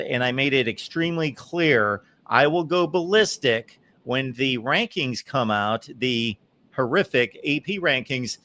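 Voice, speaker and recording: A man's voice: mid-range voice, bright, forceful tone. A man hosting a live college football talk show, giving emphatic, opinionated commentary. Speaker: host. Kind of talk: live postgame sports talk.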